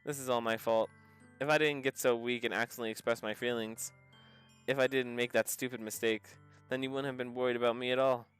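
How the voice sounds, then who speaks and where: A man reading the lines of a gloomy teenage girl who admits her sadness, in a soft, subdued voice pitched below his own. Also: steady tone, fast talker, smooth, soft background music, lightly acted. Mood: despairing. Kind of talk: reading visual novel dialogue aloud.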